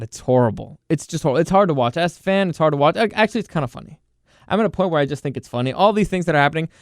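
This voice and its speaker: Exasperated high-voiced male sports host. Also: dry recording, clean studio sound. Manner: exasperated, animated rant. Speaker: podcast host. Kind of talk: casual sports commentary.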